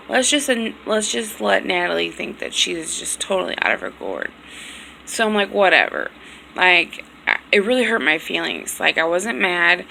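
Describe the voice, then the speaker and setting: Woman vlogger, very gravelly low voice, bright edge, rambling casual storytime, lots of "like" and swearing. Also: slight background noise, rough recording. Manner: rambling, heavy on "like", frequent swearing; sounds exhausted and hurt.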